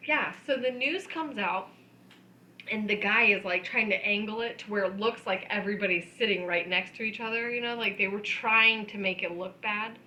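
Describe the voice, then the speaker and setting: Bright, giggly woman co-host. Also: mid-range voice, moderate pace, low-quality recording. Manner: giggly, animated storyteller. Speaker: podcast co-host. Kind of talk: casual chat.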